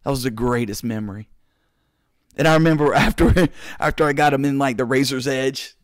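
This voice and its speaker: Excitable man telling stories. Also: medium pitch, normal speed, pauses often, no echo, clean studio sound. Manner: excitable, slangy, peppered with dude and bro. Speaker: podcast host. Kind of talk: casual storytelling.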